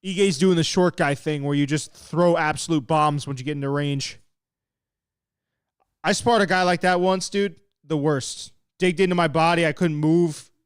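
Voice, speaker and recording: Young guy hosting a fight watch-along, slightly high voice, smooth and dry close sound, loose and excitable. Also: no room sound. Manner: excitable and laid-back, swearing, laughing at chat. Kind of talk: casual live commentary while reading chat.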